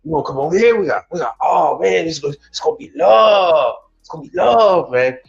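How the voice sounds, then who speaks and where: A man's voice: on the high side, animated, fairly quick, gravelly, lo-fi sound. A man voicing a pushy, friendly male job recruiter who wheedles and repeats himself. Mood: wheedling.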